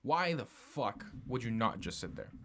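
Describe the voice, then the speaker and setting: A man co-hosting a casual podcast, talking in animated bursts, swearing often and laughing. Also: mid-range voice, moderate pace, slight background noise. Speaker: podcast co-host.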